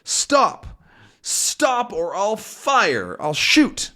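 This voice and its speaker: Plucky young comic-book reporter shouting in surprise, guy putting on the voice, high and lively. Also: extremely slow, breathy edge, exaggerated voice. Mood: commanding. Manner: high and exclamatory. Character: young male reporter hero, brave and excitable.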